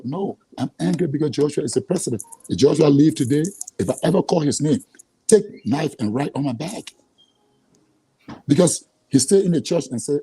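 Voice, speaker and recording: A man's voice: fairly high pitch, animated, brisk, vocal fry, mellow, slightly rough, dry recording, rough recording. A man with a Liberian English accent, speaking heatedly as an interview guest, often stammering and repeating himself when frustrated. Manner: angry, repetitive, stammering restarts.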